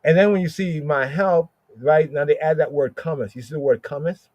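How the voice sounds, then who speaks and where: A man hosting a podcast, teaching scripture in casual talk, thinking aloud with halting restarts and a steady stream of "right?" and "you know". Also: on the high side, dry recording. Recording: dull, dry lo-fi sound.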